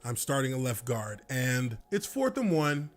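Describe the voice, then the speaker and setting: Animated man telling a football story. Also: medium pitch, a little slow. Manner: animated, dramatic retelling with casual profanity. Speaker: former pro football lineman. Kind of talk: storytelling anecdote. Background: faint music.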